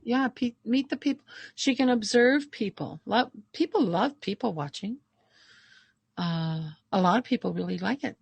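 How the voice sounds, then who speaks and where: A woman naturopathic doctor telling lively stories in a casual podcast chat, acting out the people she quotes. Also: medium pitch, moderate pace, gravelly, breathy edge, dry recording, muffled recording.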